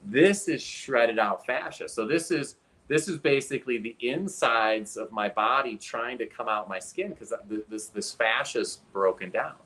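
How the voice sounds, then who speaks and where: A man in his forties, a guest expert in an interview, telling a personal story with animated delivery while demonstrating with his arm and hand. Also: medium pitch, unhurried.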